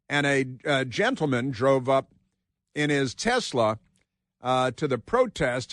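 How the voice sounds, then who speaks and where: A man's voice: medium pitch, a bit bright, no room sound, studio quality. A man hosting a political talk radio show, delivering a combative, sarcastic monologue that rambles with frequent restarts.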